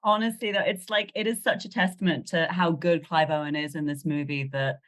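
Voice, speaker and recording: Wry woman, lowish voice. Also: fairly even intonation, fairly quick, a bit bright. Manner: chatty, wry, analytical. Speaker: guest. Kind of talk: casual podcast chat.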